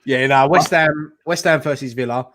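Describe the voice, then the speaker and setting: A man's voice: mid-range voice, fairly bright tone, a little hiss or hum. A man co-hosting a fan show. He teases the others in a jokey way and laughs easily. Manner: jokey, teasing, quick to laugh. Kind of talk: casual pub-style banter.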